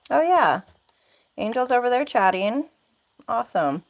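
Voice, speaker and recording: A woman's voice: on the high side, very animated, unhurried, rough recording. A woman hosting a casual livestream, chatty and rambling, laughing often, talking into a phone or laptop mic. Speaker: livestream host.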